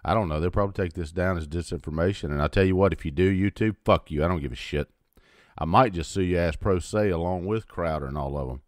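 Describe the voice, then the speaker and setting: A man's voice: low voice, fast talker, few pauses, dry recording, clean studio sound. A man in his fifties hosting his own channel, ranting bluntly and defiantly about politics with heavy swearing and sarcastic asides. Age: 50s. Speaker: host. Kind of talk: political rant to camera.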